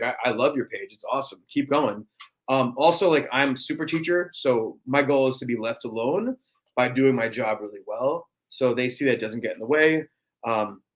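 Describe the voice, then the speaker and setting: A man's voice: medium pitch, rough recording. Chatty New man telling stories. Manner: chatty storyteller, many fillers. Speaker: podcast guest. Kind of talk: casual podcast conversation.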